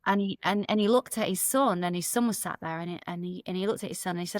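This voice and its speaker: Woman, middle-aged, lowish pitch, dry close sound, earnest frank interview talk. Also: fast talker, hardly any pauses, no room sound. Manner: earnest, frank, repeats words as she talks. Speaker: school executive principal, podcast guest. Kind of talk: conversational interview storytelling.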